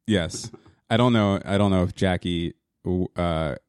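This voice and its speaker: A man in his thirties from New Jersey, rambling through a casual podcast chat with many halting restarts. His voice sits very low. The recording is close and dry, made in a small home studio. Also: a little mellow, clear, resonant tone, no echo. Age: 30s. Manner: rambling, halting, laughs often. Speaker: podcast co-host. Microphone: podcast mic in a small home studio.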